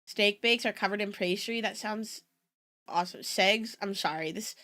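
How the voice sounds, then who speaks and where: In casual reaction-stream chat, a young adult woman whose native language is Spanish rambles to her audience and giggles between asides. Her voice is mid-range and sharp in tone, at a normal speed.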